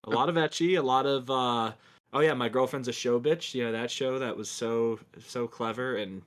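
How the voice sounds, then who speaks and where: A man's voice: mid-range voice, moderate pace. A man co-hosting a podcast panel, teasing with dry sarcasm. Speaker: podcast co-host. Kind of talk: casual panel discussion.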